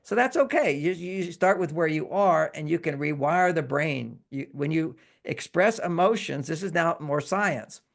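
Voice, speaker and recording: Male relationship-expert guest, raised pitch, gravelly, lively interview explainer. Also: moderate pace, hardly any pauses. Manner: animated, acts out example phrases in quotes.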